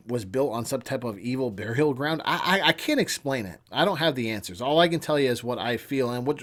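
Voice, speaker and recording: A man in his thirties, a channel host, telling a personal story in a casual, earnest way, halting at times and often dropping to a hushed tone. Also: medium pitch.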